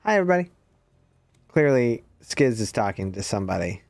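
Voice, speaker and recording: A man's voice: on the low side, sing-song, fairly quick, a little mellow, dry recording. A man casually chatting and laughing while streaming a co-op game, thanking viewers now and then. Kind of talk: casual gaming chat.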